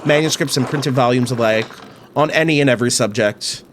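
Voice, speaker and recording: A man's voice: mid-range voice, brisk, a little hiss or hum, natural voice. Weary middle-aged painter who feels lost, tired confessional tone, read by a man. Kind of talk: reading game dialogue aloud.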